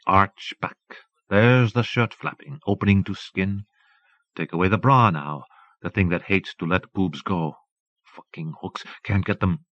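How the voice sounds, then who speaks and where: A man narrating an audiobook in a measured literary reading, recorded close to the mic and transferred from an old cassette. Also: deep voice, a bit bright, no room sound, muffled recording.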